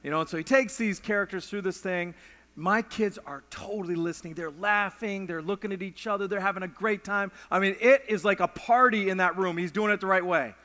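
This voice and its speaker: A middle-aged man preaches in a fairly high voice, telling a story and often pausing on "uh". His voice rings through a church sanctuary with a long hall reverb. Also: bright, forceful tone. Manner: storytelling with frequent "uh" fillers. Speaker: pastor. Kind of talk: sermon with a personal story.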